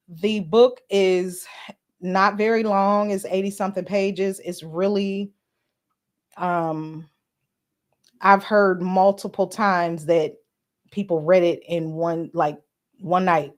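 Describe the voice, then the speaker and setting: Speaking on the low side, this woman hosts a podcast live stream in a relaxed, chatty way. She welcomes commenters by name and sounds earnest, with some filler words sprinkled in.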